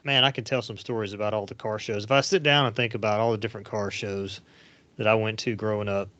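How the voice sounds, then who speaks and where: A man's voice: fairly low pitch, fairly even intonation, fast, sharp tone. A man, hosting a podcast and telling rambling, anecdotal stories in casual chat. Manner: rambling and anecdotal, with frequent fillers. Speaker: podcast host. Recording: dull lo-fi sound, dry.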